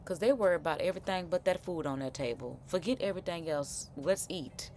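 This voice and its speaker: A woman with a lowish voice chats casually as she reacts on a livestream. She talks in an expressive, slang-heavy way, and faint room sound sits behind her. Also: fairly quick, slight background noise. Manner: chatty and expressive, slang-heavy, frequent laughs.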